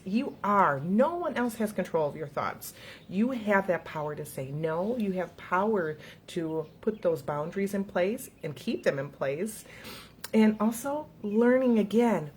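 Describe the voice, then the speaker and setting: Earnest, encouraging woman host with a lowish voice. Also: a little mellow, a little hiss or hum. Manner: encouraging, earnest, laughs easily. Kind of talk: casual motivational talk to viewers.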